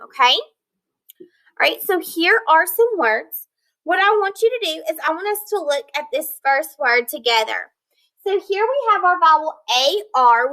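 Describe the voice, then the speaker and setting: Woman, phonics teacher, high bright voice, patient and encouraging. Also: poor audio. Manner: slow, clear, encouraging teacher talk, sounding out words. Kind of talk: recorded phonics lesson for children.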